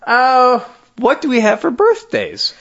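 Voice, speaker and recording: A man's voice: very high-pitched, huge pitch swings, unhurried, vocal fry, a bit bright, muffled recording. A man with an American accent hosting a podcast in casual banter, teasing and laughing often. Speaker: podcast host.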